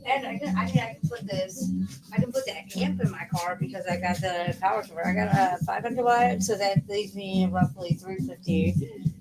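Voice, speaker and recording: A woman's voice: medium pitch, sing-song, normal speed, low-quality recording. A woman streamer in casual livestream chat at home, rambling and swearing heavily. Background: loud music playing.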